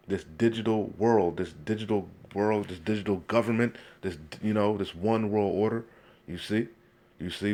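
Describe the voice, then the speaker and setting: A man's voice: on the low side, darkish tone. A man preaching, reading Bible verses aloud and then commenting on them in a heated, denouncing way, again and again asking "you see?". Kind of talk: street-style scripture preaching.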